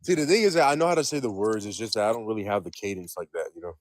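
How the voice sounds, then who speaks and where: A man's voice: on the low side, very fast, no echo, studio quality. A man co-hosting a casual podcast chat, speaking in a hesitant, self-deprecating way. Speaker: podcast co-host.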